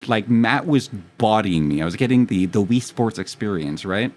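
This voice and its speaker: Young adult male streamer, casual and profane, rambling self-mocking chat, slightly low pitch. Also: expressive, moderate pace, a little mellow.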